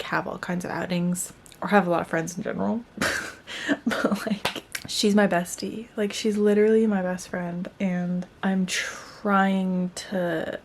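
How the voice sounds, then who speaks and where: Young woman, new mom, casual talking vlog, rambling and chatty, filmed at home on a camera mic, faint background hiss. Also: on the low side. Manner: chatty, rambling, filler-heavy. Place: at home indoors. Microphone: camera-mounted mic.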